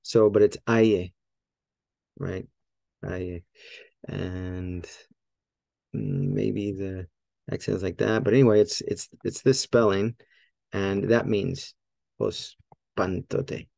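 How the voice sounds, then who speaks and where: Recorded dry and close, a man with a low, gravelly, dark and mellow voice gives a casual spoken Greek lesson in a steady tone. He thinks aloud, circles back with many fillers and checks himself, then slows to repeat each Greek word carefully as a model.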